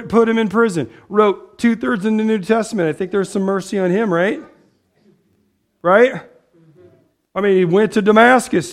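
A man preaching a casual sermon to a small gathering. His voice sits a bit high for a man. He talks things through, often checks in with the room and clears his throat along the way. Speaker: pastor.

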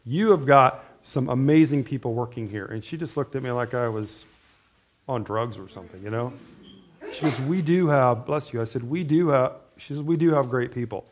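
A man's voice: medium pitch, normal speed, slight background noise. A middle-aged man preaching an informal sermon, telling stories in a rambling, conversational way with restarts and asides. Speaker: pastor.

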